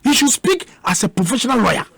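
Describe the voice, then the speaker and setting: A Ghanaian man arguing combatively on a radio panel, repeating words in rapid bursts. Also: extremely high pitch, very animated, gravelly, fairly bright tone, slightly rough, no room sound. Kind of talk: heated panel debate.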